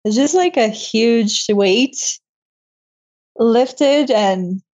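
A woman's voice: on the high side, drawn-out words, darkish tone. A young woman guest in an interview, telling her story in a casual, emotional way and laughing often. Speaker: interview guest, medical student. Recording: slightly dull lo-fi sound.

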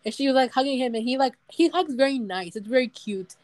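Rambling young woman, pitched a bit high. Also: lively intonation, fast talker, darkish tone, dry recording. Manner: rambling, full of "like", giggly. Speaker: podcast co-host. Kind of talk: casual chat.

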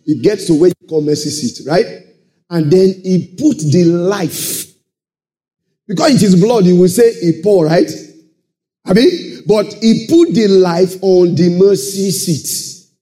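A man preaching a sermon, calling out to the congregation and swinging into shouted and half-sung phrases. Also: high-pitched, slow. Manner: animated call-and-response preaching, sudden shouts and sung phrases.

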